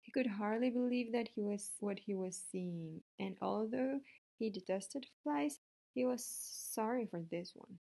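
Slow, steady woman reading a storybook. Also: medium pitch, gravelly. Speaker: narrator. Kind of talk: storybook read-aloud.

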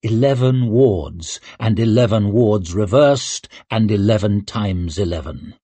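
A man narrating an audiobook in a measured, even storytelling manner. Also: fairly low pitch, husky, dry recording. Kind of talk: scripted narration.

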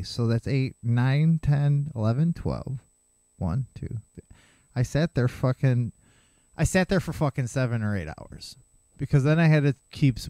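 A man in his thirties hosts a solo podcast, delivering a rambling, heavily profane story from his youth with self-mocking asides. His mid-range voice is mellow, and the recording is dry.

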